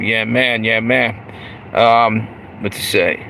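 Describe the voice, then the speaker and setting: Gravelly yet bright, this lowish voice is steady and forceful and takes things slowly. He's a streamer rambling and swearing from his phone in a parked car, reading chat aloud and laughing at himself, with engine and AC hum in the noisy audio.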